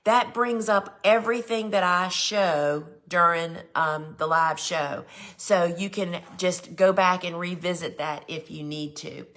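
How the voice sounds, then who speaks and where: A woman's voice: lowish voice, fairly even intonation, a little slow, fairly bright tone. A woman, hosting a live flower gardening show, chatting casually and enthusiastically as she shows seed sets. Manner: chatty, enthusiastic, says "y'all" often. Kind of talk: casual live shopping chat.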